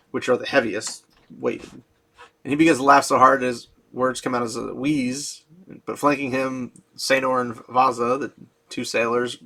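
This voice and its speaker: A man chatting through a story recap in a gravelly, bright voice. His tone is forceful yet casual as he breaks in with his own asides. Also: mid-range voice, level tone, unhurried. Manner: gravelly, chatty, laughs often. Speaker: host retelling a fantasy novel.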